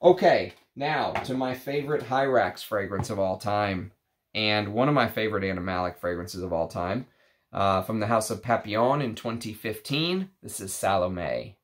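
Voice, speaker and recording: A man's voice: on the low side, normal speed. A man casually reviewing perfumes from his collection, gushing enthusiastically with restarts and fillers.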